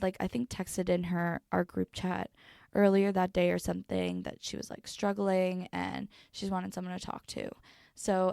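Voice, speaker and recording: A young woman talking casually and reflectively to her viewers, calm and mellow, with lots of "like" and "um.". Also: on the low side, gravelly, no room sound, studio quality. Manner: casual, rambling, heavy filler words. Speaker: video host. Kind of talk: personal reflective talk.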